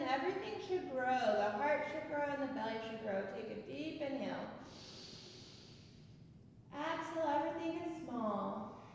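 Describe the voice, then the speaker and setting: A woman leading a kids yoga class in a studio, giving gentle, playful sing-song cues. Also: sits high, a little hiss or hum. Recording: very echoey room with long reverb.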